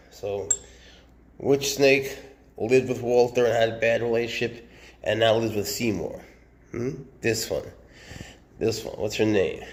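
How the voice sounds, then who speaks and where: A man chatting casually while he handles his snakes, cooing at them and often dropping to a hushed murmur. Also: lowish voice, measured pace, long pauses. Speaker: snake keeper vlogger.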